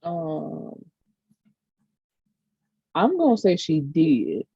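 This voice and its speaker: A woman co-hosts a casual TV recap, her voice low and gravelly with a husky edge. She talks animatedly and acts out the characters' lines. The recording sounds dull and dry. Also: sing-song, extremely slow, dry recording. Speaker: podcast co-host.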